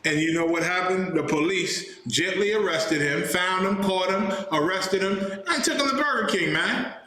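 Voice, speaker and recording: A man's voice: high-pitched, moderate pace, sharp tone. A man hosting a show and giving heated, indignant commentary, driving his points home and repeating himself for emphasis. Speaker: host and teacher. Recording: very echoey room with faint noise.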